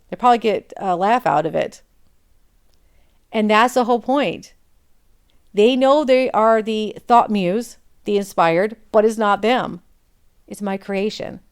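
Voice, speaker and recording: Forties woman hosting a podcast, smooth clear voice, frank and chatty, mid pitch. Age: 40s. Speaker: podcast host. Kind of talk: candid personal monologue.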